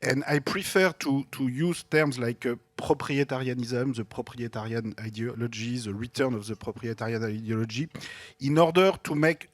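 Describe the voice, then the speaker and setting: A man's voice: medium pitch, moderate pace, no echo. A man with a French accent, a native French speaker discussing ideas in English at a panel debate, talking animatedly with frequent "you know" and restarts. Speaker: invited economist in a panel debate.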